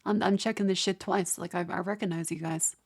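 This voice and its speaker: A woman's voice: on the low side, steady tone, brisk, breathy edge. Exasperated Australian woman ranting to chat. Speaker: streamer. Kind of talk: casual live-stream chat.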